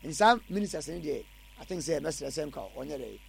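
High-voiced, fast-talking Ghanaian man. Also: gravelly, husky. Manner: animated, mixes in English words. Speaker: interviewee. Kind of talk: casual street interview.

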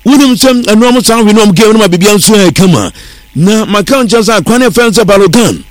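Man, radio sports news read, high voice, dry close studio mic. steady delivery. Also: quick pace, no room sound. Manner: steady newsreader delivery, mixing English words into his talk.

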